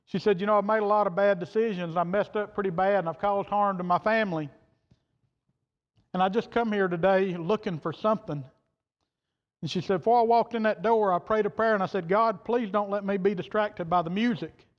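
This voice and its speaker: A preacher man with a fairly high voice, telling a folksy story from the pulpit in plain words. His voice rings through a church hall with a long echo, and the sound is dull and muffled. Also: steady tone, brisk. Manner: folksy, plain-spoken, quoting others in turn. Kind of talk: sermon storytelling. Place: church sanctuary.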